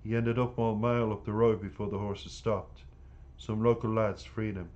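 A man reading the part of a calm, self-assured teenage boy who reassures his friend in a steady, matter-of-fact way. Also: on the low side, moderate pace, lo-fi sound, lightly acted. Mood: sombre. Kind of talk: audiobook character reading.

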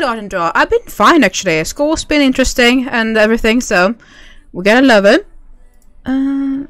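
Young female game streamer, upbeat and chatty, a bit high-pitched, dry sound. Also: fairly bright tone, dry recording. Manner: bubbly, greets chat by name, laughs often. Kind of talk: casual livestream chat.

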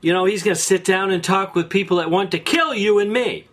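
An angry man rants as the host of an opinion show, his voice sitting high for a man. He talks in sarcastic bursts, stumbling and restarting as his anger builds. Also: a little fast, fairly bright tone. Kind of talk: political opinion monologue.

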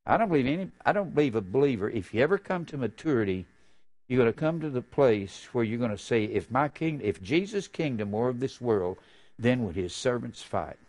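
An older man preaching a fervent sermon, drawing out key phrases slowly and breaking into sudden loud, high outbursts. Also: expressive.

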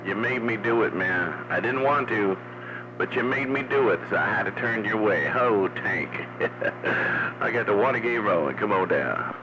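Deep-voiced, easygoing CB radio man. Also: animated, moderate pace. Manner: laid-back, drawling, says "man" often. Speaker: CB radio operator. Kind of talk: casual radio chat. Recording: muffled radio audio with static.

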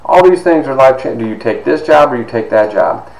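A man in his fifties from Toledo, Ohio, telling personal stories in an animated, conversational way with frequent asides. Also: medium pitch, fast talker, creaky. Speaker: author and speaker. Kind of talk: personal storytelling talk. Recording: echoey room with faint noise.

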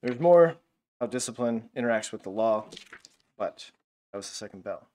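Casual, animated man teaching a Bible lesson. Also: medium pitch, normal speed. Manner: casual and animated, many fillers.

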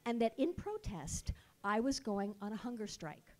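Woman, live storytelling, sarcastic comic delivery, stage mic, high lively pitch. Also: normal speed.

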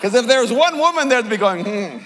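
A middle-aged male pastor preaching a sermon at a conference, telling the story with humor and sudden shouted lines. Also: very high-pitched, animated, quick pace, crowd noise, noisy background. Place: large conference hall. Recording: long hall reverb.

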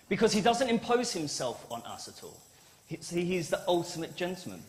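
A man's voice: high voice, very animated, a little fast. A man preaching a family-service sermon in a church, playful and given to acting out little dialogues.

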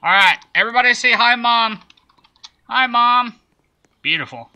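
A man's voice: very high voice, lively intonation, moderate pace, sharp tone, smooth, highs cut off. A man hosting a live game stream, chatting playfully and greeting viewers by name as he plays.

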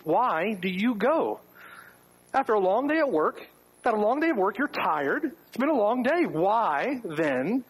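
A pastor preaches to his congregation in church, rattling off rhetorical questions and tossing in wry asides. His voice is high and slightly rough, and the recording itself is rough.

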